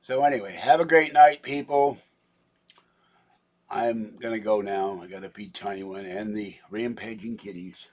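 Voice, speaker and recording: A man's voice: lowish voice, moderate pace, a little mellow. A man vlogging in a rambling, casual chat, grumbling and chuckling to himself.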